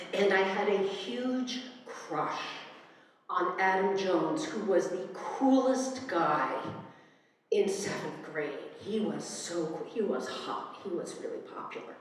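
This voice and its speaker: A woman in her sixties tells a personal story to a live audience in a wry, conversational way, with plenty of fillers along the way. She is picked up from some distance by the microphone, and her voice rings out through a big, reverberant hall. A faint hum of the room sits underneath her. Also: medium pitch. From United States. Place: event hall. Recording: echoey hall, distant mic.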